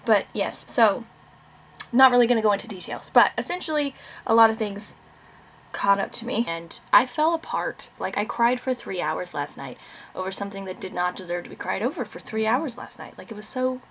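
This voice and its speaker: A woman's voice: medium pitch, expressive, a little fast, slight background noise. A young adult woman, an author, chatting candidly at home in a rambling vlog with many fillers and restarts. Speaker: author and vlogger. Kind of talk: casual vlog chat.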